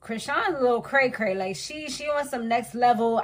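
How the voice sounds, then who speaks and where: Woman, slightly high voice, chatty slangy recap host, laughs a lot. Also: normal speed. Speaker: reality show recapper. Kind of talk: casual recap commentary.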